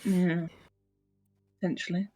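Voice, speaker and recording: A woman's voice: fairly low pitch, level tone, slow, mellow, slightly rough, faint music behind. A woman playing in a tabletop game, chatting casually and asking questions. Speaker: player.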